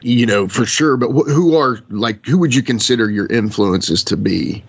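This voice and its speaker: An easygoing man hosts a casual interview, his voice a little husky. He asks his questions in a loose, conversational way. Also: medium pitch, moderate pace. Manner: laid-back, says dude and man. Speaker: podcast host.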